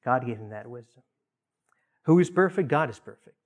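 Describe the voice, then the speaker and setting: Earnest male preacher, loud then hushed. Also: medium pitch, animated, normal speed. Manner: earnest preaching, swinging between loud emphasis and hushed asides. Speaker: pastor. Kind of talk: sermon.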